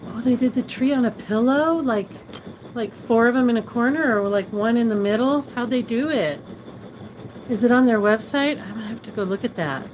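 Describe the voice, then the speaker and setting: A woman's voice: fairly high pitch, normal speed, noisy background. A woman hosting a casual live sewing demo from a sewing shop, chatting admiringly and answering viewers by name. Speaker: sewing shop livestream host.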